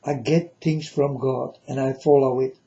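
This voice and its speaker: A man's voice: mid-range voice, fairly even intonation, measured pace, dark tone, lo-fi sound. A man speaking as a self-styled prophet in a rambling monologue to his viewers. He is solemn and repetitive and keeps addressing them as folks.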